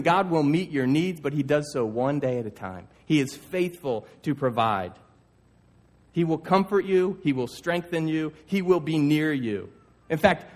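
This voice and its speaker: A man preaching a sermon, telling stories and acting out voices in an earnest, encouraging way. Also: sits high. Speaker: pastor.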